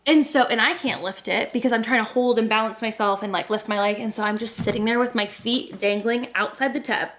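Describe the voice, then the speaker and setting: Speaking briskly with hardly any pauses, a woman in her thirties with a slightly high voice shares a casual story on the podcast she co-hosts. She's animated, laughs constantly, and swears without restraint.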